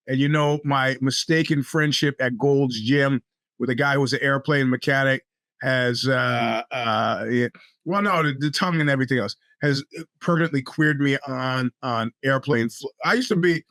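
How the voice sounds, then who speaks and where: A man's voice: mid-range voice, moderate pace, a bit bright, dry recording. A man hosting his podcast in casual, rambling talk with wry, profane asides, his speech a bit off from a bitten tongue. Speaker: podcast host.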